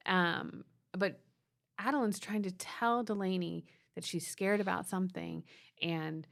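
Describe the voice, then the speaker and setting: Female podcast co-host, lowish voice, chatty advice-giver. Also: steady tone, unhurried, creaky. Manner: chatty, laughs easily, gives advice. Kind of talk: casual parenting podcast chat.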